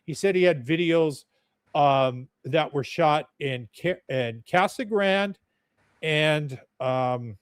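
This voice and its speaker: In clean, dry studio sound, a man with a clean-toned voice on the high side speaks slowly. He's a UFO videographer guesting on a podcast, telling his story casually, bluntly, and with profanity.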